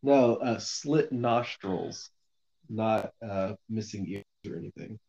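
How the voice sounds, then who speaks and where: A man's voice: on the low side, slow pace, gravelly, warm tone, highs cut off. A man casually recapping a novel on a podcast, rambling with lots of fillers and the odd swear. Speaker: podcast co-host recapping a book. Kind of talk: casual book discussion.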